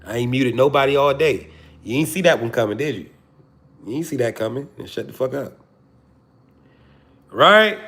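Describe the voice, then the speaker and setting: A man's voice: medium pitch, expressive, normal speed, long pauses, fairly bright tone. A man, hosting a livestream and joking profanely to his chat before preaching his point. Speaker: livestream host. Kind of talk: casual livestream talk to chat.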